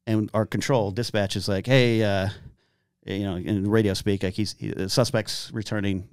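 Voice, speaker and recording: A man telling long stories in casual chat, acting out shouted quotes as he goes. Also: fairly low pitch, normal speed, smooth, dry recording, clean studio sound. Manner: animated storyteller, acts out shouted quotes. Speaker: podcast guest. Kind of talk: casual storytelling.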